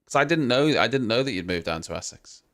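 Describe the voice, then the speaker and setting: A man hosts a live stream with casual, running reaction commentary. His voice is smooth and clear at a middle pitch, and he teases his viewers in chatty banter with some casual swearing. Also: lively intonation, fast talker, fairly bright tone.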